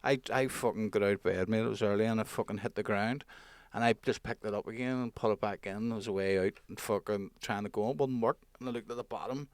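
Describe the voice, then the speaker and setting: A young man with a Northern Irish accent, co-hosting a podcast in excitable, sweary casual chat. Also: on the low side, fast talker, no room sound. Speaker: podcast co-host.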